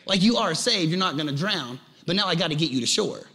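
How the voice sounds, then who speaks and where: Middle-aged male pastor, high and sharp tone, lively folksy sermon delivery. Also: fairly quick. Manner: animated preaching, builds to shouting; folksy asides and humor.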